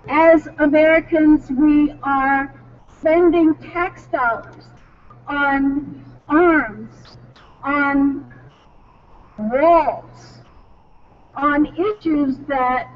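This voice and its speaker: Older woman, slow and emphatic. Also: high voice. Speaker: speaker at a church press conference. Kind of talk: impromptu public statement. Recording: distant tinny recording with faint noise.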